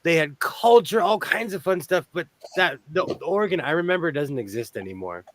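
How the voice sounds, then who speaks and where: Man with a lively higher voice, opinionated casual chat. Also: brisk. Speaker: livestream guest.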